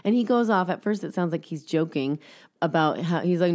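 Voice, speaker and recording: A woman co-hosting a casual podcast, chatty and animated, acting out what people said. Her voice sits on the low side. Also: brisk. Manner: animated storyteller, acts out quotes, many fillers. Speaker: podcast co-host. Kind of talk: casual chat.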